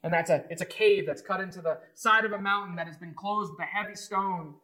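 A man retelling a Bible story in an emotive, conversational way, moving from hushed to excited. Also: sits high, brisk, poor audio.

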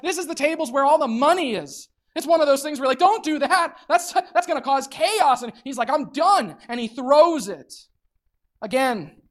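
A man preaching a sermon as pastor, animated, acting out quotes and repeating words as he builds up. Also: extremely high pitch.

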